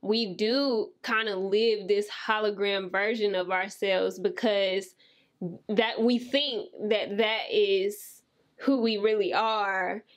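A woman hosts a podcast interview at an everyday middle pitch. She talks loosely and conversationally, encouraging her guest and filling her sentences with casual fillers. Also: fairly even intonation, slow. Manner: warm-hearted encouragement, conversational, many fillers like "like". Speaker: podcast host.

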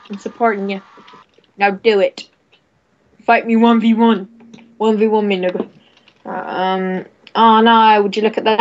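A woman on casual voice chat while playing an online game, teasing and cheering loudly and swearing often. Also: medium pitch. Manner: rowdy, profane, teasing, cheering others on. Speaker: player in an online wrestling game. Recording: slightly muffled voice chat.

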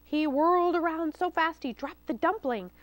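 Woman librarian reading a children's story aloud, high voice and lively, in a dry studio. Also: normal speed, no room sound, poor audio. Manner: lively and expressive. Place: studio taping for local cable TV.

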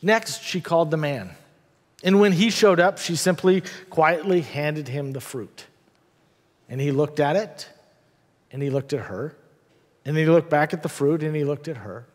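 A male pastor preaching a sermon in a church, telling the story with dramatic pauses and wry asides. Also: on the high side. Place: church sanctuary. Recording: long church reverb.

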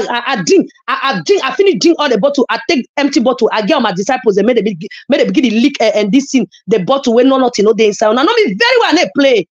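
A woman with a Nigerian Pidgin accent delivers a heated online rant, scolding and cursing in loud, emphatic bursts. Her high voice leaps and plunges all over the place. The sound is dull and lo-fi, like a phone recording. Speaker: social media commentator.

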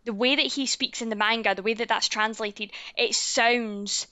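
Woman, podcast co-host, excitable and quick, dry close mic. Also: on the high side, clear, resonant tone, no room sound. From Britain. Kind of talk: casual chat.

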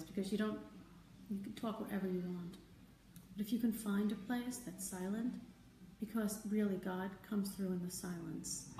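Soft-spoken woman on a roomy live stream. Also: mid-range voice, a little hiss or hum. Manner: gentle, repeats key phrases, conversational and unhurried. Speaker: spiritual teacher hosting a live stream. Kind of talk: casual live-stream talk answering viewer comments. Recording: roomy, distant mic, faint ambience.

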